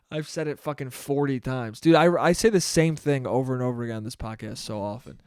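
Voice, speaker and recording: A man's voice: medium pitch, very animated, moderate pace, darkish tone, smooth, no echo. A young man hosting a solo podcast, telling a rambling, profane, self-mocking story. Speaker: podcast host. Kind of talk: casual solo podcast monologue.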